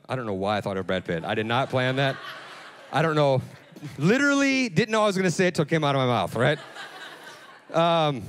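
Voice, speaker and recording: A male pastor giving a casual, conversational sermon, often repeating words and asking "right?". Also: medium pitch. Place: church hall. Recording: long church hall reverb.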